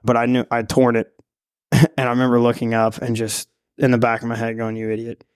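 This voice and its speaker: A man who teaches freediving and spearfishing, telling a long story in a podcast interview in a rambling, animated way with laughs and restarts. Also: medium pitch, fairly quick, clean tone, no echo, clean studio sound.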